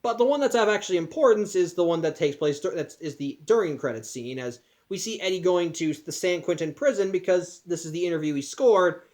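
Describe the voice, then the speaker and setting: A man's voice: high-pitched, animated, a little fast, hardly any pauses, a little mellow. A man casually recapping a film plot, talking in a loose, chatty way with many restarts and asides. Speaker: podcast host.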